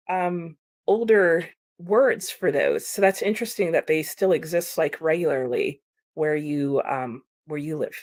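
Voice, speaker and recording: A woman's voice: lowish voice, a little mellow, no echo, clean studio sound. A woman hosting a casual livestream, chatting about chat comments with frequent laughs and lots of "like" fillers.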